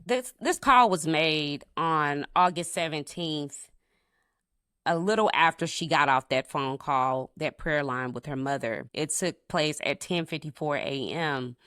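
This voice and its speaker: A very low-pitched woman retells a true crime case on a podcast in a dry, close sound. Her delivery is intense and indignant. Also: measured pace, fairly bright tone, smooth, dry recording. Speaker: podcast co-host.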